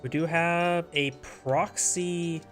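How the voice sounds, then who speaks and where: A man's voice: on the high side, steady tone, takes it slowly, a bit bright, soft background music. A man with a stuffy, congested nose giving casual live commentary on a strategy game, thinking aloud and correcting himself as he goes. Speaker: game caster.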